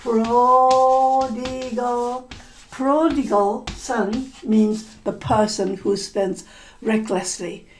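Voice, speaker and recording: A woman language teacher telling a story to learners, slowly repeating and explaining words with many hesitant fillers. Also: medium pitch, a little mellow, rough recording.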